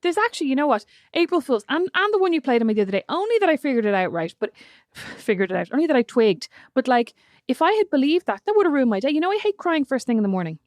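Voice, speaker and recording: A woman's voice: high-pitched, quick pace, dry recording, studio quality. A woman co-hosting a podcast, chatting casually with her sister and teasing her while she tells stories. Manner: lively teasing storyteller. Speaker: podcast co-host. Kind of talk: casual chat between sisters.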